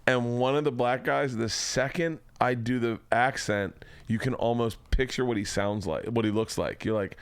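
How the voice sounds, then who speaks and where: A man from Florida hosting a podcast, telling rambling, profane stories with plenty of restarts. His voice sits at a middle pitch and sounds dry and close. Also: normal speed, hardly any pauses, smooth, no echo. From Florida, USA. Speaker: podcast host. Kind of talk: casual podcast chat.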